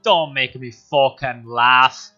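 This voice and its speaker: A man streaming a strategy game, excitable, swearing and laughing as he comments on his moves. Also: medium pitch, takes it slowly, muffled recording, faint music behind.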